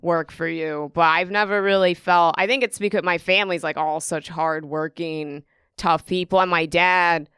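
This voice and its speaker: A young woman comedian, guest on a casual podcast, telling stories with animated, acted-out quotes. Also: on the low side, moderate pace, clean tone, no room sound, clean studio sound. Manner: animated storytelling, acts out quotes.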